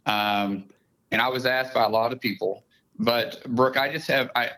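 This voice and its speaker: A man with an Oklahoma accent talks as a guest senator in a relaxed radio interview. His voice sits at an ordinary middle pitch. He is emphatic and piles up one explanation after another. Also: moderate pace, low-quality recording.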